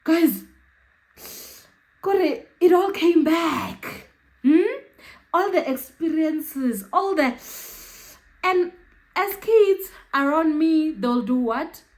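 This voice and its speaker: A young woman with a South African accent tells a personal story on her vlog. She speaks slowly in a somewhat high voice. She laughs often and keeps checking that her viewers follow. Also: animated, a little mellow. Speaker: YouTuber.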